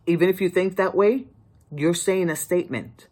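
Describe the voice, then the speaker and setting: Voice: mid-range voice, normal speed. An author giving casual writing advice to the camera, emphatic and pleading, often restarting sentences.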